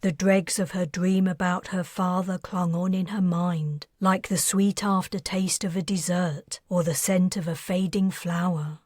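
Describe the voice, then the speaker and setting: Slow, measured woman narrator. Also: lowish voice, fairly even intonation, a little mellow, no echo, studio quality. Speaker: author narrating. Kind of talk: audiobook narration.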